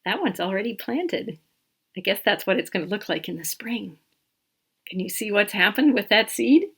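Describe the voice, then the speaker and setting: A woman reading a picture book aloud to small children in an animated, interactive way. She asks questions, points out details and counts along with them. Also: mid-range voice, normal speed, husky. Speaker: storytime reader.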